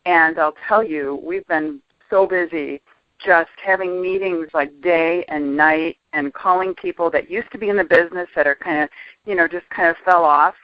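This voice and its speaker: A woman on a conference call, talking in an excited, chatty way with many fillers. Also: fairly low pitch, no echo. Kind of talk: enthusiastic conference call talk. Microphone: telephone. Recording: dry, tinny phone line.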